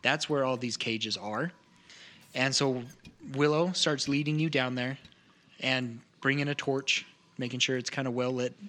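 Casting: casual male game master, bright voice, loose descriptive narration. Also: mid-range voice, fairly even intonation, a little slow.

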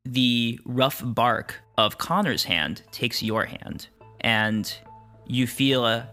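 A man narrating a tabletop game as game master, describing the scene in an unhurried storytelling manner. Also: medium pitch, sharp tone.

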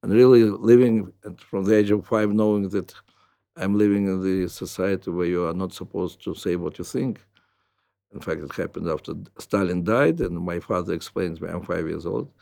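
An older man with a Russian accent, a native Russian speaker, answering interview questions in halting, reflective English. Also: low-pitched, vocal fry, mellow, no echo, clean studio sound. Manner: halting, restarts with "uh", non-native grammar. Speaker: guest.

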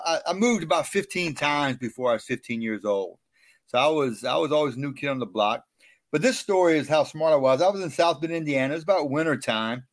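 Middle-aged male guest, animated self-mocking storyteller, dead-dry recording. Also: on the high side, no room sound. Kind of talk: storytelling interview.

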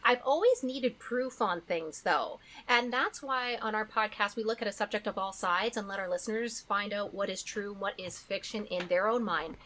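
A woman's voice: mid-range voice, normal speed, few pauses, a bit bright. A chatty woman from the prairies, a podcast guest who laughs often while telling a personal story. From Canadian prairies. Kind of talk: casual chat and storytelling.

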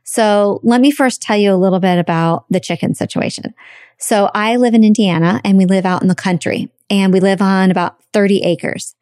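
A woman's voice: mid-range voice, moderate pace, no room sound, clean studio sound. Chatty woman telling a personal story. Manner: chatty, animated, acts out quoted voices.

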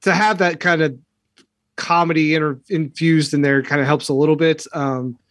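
A man casually discussing a film, relaxed and peppered with filler words. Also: on the high side, normal speed, no echo, studio quality.

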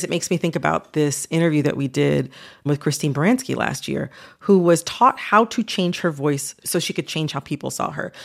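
A woman hosts a relaxed podcast chat, her voice a little low and full of vocal fry. She rambles conversationally and leans on "like" and "you know.". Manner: chatty, filler-heavy with frequent "like". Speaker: podcast host.

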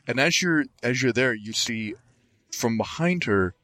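A man narrating as game master, halting and descriptive with many fillers. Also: medium pitch, expressive, pushed and bright, dry recording.

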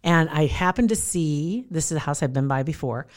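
A woman in casual chat, telling a story in an animated way and laughing often. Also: low voice, moderate pace.

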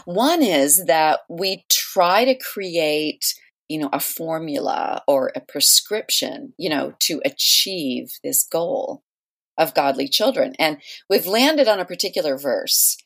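Middle-aged woman author, lowish voice, measured and reflective guest. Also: animated, vocal fry, breathy edge. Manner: thoughtful, measured, with soft laughs. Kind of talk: podcast interview.

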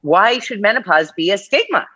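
A woman in her fifties talking in a casual podcast chat, animated and rambling with frequent restarts. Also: medium pitch, normal speed, husky, no room sound, lo-fi sound. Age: 50s. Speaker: guest.

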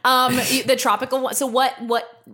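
A woman's voice: moderate pace, husky. Chatty woman podcast co-host. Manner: rambling, lots of "like", animated jumps in pitch. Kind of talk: casual comedic chat. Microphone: podcast mic.

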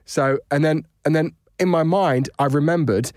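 Animated dad telling a story. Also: male voice, on the high side, normal speed, no echo, studio quality. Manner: animated, laughing, acts out voices in anecdotes. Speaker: podcast co-host. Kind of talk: casual storytelling chat.

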